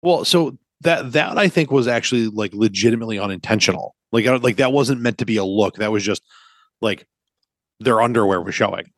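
A man in his thirties, a podcast co-host, chatting casually and telling animated, profane stories. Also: fairly low pitch, quick pace, dry recording.

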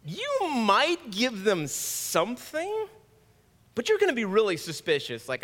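A man's voice: very high voice, huge pitch swings, measured pace, fairly bright tone. A man pastor delivering a sermon in an earnest, conversational preaching manner. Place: church sanctuary. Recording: long reverb of a church hall.

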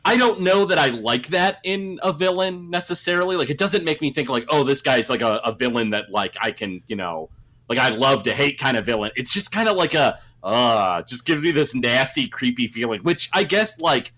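A man's voice: mid-range voice, lively intonation, normal speed, sharp tone. A man musing on a movie in a casual podcast chat, hesitant and full of fillers. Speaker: podcast co-host.

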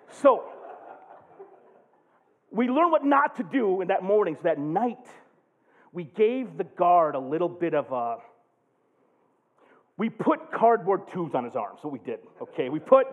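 A man in his thirties preaching, telling a funny camp story with excitable, jokey energy and loud bursts. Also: high-pitched, moderate pace. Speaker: pastor. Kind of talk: animated sermon storytelling. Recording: tinny phone-like sound.

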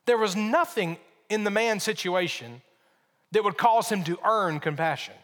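A male pastor with a high voice delivers a sermon. He stresses his points, repeats phrases and asks his listeners rhetorical questions. His voice rings with the long reverb of a large hall. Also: fairly bright tone.

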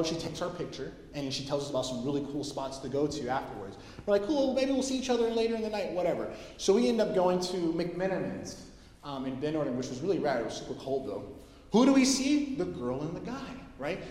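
A man preaching a casual sermon, telling stories with lively quoted voices. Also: a little high. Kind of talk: sermon with storytelling. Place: church hall. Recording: echoey hall, heard from a distance.

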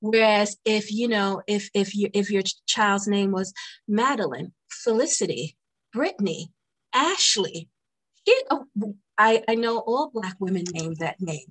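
A woman's voice: medium pitch, unhurried. Emphatic woman podcast guest. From United States. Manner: expressive, emphatic, laughs and mimics people. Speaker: attorney and business owner, guest. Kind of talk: casual interview chat.

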